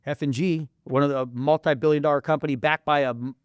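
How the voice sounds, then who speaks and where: A man co-hosting a podcast in casual chat, hyped and emphatic, sometimes bursting into shouting. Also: on the high side, steady tone, fast, clear, resonant tone, no room sound. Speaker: podcast co-host.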